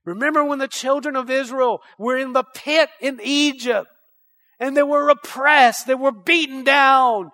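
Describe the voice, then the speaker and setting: A male pastor preaching a fervent sermon, firing rhetorical questions at the congregation and rising to loud declarations. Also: very high-pitched, fairly even intonation, unhurried.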